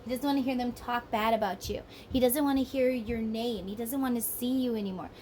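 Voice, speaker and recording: A woman's voice: fairly high pitch, fairly even intonation, fairly quick, a little mellow, slight background noise, low-quality recording. A woman with a Southern US accent giving a rambling, casual tarot reading, sometimes acting out the people she talks about. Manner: chatty, rambling, acts out voices. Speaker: tarot reader. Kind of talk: casual psychic reading monologue.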